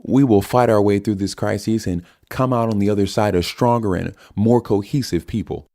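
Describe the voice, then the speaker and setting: A man's voice: lowish voice, moderate pace, mellow, voice pushed up, natural voice. A man voicing a folksy, blustering male senator.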